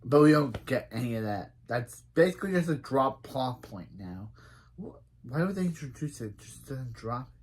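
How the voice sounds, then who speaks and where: A man's voice: medium pitch, animated, moderate pace, slight background noise. A man giving casual reaction commentary as a show reviewer, recapping scenes in a chatty way, reading lines aloud and getting indignant.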